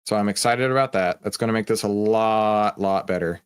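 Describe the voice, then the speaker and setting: A man's voice: on the low side, normal speed, clear, resonant tone. A man hosting a live trading stream, chatting casually and joking with viewers in the chat.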